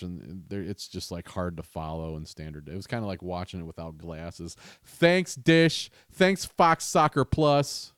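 A man's voice: on the low side, darkish tone, smooth, no room sound, studio quality. A man hosting a casual podcast, rambling and chatty, often restarting his sentences. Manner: rambling, self-interrupting, chatty. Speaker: podcast host.

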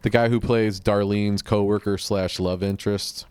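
A man's voice: fairly low pitch, fairly even intonation, moderate pace, darkish tone, smooth, no echo. A man hosting a solo podcast, talking in a rambling, offhand and profane way. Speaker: podcast host. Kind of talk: casual solo podcast chat.

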